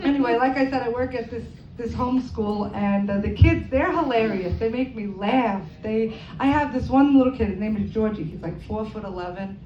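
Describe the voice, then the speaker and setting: A woman's voice: fairly high pitch, normal speed, hardly any pauses. A woman performing a stand-up comedy set, self-deprecating, acting out characters in quoted voices. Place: comedy club stage. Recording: echoey, distant, muffled live club sound.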